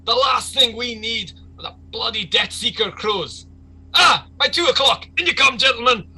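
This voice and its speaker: A man voicing a blustering male gang boss who swings from shouting to mock politeness. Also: medium pitch, expressive, normal speed, slightly rough, exaggerated voice, low-quality recording. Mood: furious.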